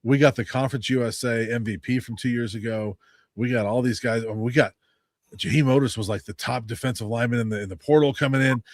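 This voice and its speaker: A man who covers college football as a beat writer, explaining his view as a guest in a calm, measured way. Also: mid-range voice, dry recording, clean studio sound. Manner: measured, explanatory, many fillers. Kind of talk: sports analysis, casual.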